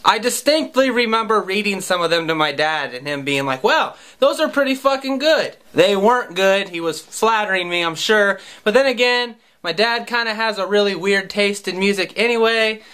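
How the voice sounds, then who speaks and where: High, bright-voiced man telling wry stories. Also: normal speed, hardly any pauses, clear, resonant tone. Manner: wry, profane and self-mocking. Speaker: musician and vlogger. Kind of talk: comic personal storytelling.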